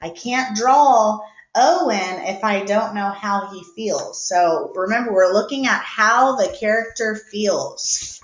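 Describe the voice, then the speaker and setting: A woman's voice: mid-range voice, takes it slowly, reverberant, lo-fi sound. A woman teacher giving a recorded reading lesson to young children, explaining patiently step by step.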